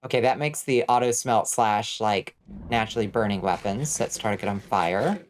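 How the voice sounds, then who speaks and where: An American woman chats her way through a gaming stream, thinking out loud as she goes. She sounds bemused and swears freely. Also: very deep voice, moderate pace, slight background noise. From United States. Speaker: vtuber streamer. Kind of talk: casual gaming commentary.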